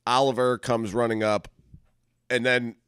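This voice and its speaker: A man's voice: medium pitch, a little slow, clear, resonant tone, no room sound, clean studio sound. A man, co-hosting a casual podcast, telling a story with lots of laughter, swearing and acted-out quotes. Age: 40s. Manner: animated, profane, laughs often, acts out quotes. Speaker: podcast co-host.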